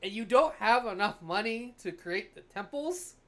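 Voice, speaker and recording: A woman co-hosting a casual podcast, throwing in wry, joking asides. Her pitch is middling but moves around a lot as she talks. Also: animated, normal speed, fairly bright tone. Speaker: podcast co-host.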